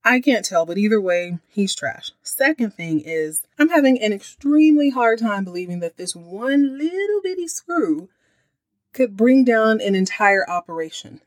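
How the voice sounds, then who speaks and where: A woman's voice: medium pitch, big pitch swings, normal speed, few pauses, dry recording. A woman, hosting a podcast and recapping a TV episode in a chatty, opinionated way. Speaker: podcast host.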